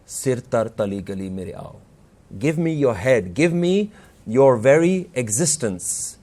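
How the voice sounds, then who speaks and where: A man's voice: medium pitch, animated, moderate pace, a little mellow. Guy giving a spiritual talk, earnest, voice goes up and down a lot, tells stories. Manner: earnest, rises and falls for emphasis, quotes scripture. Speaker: Sikh workshop speaker.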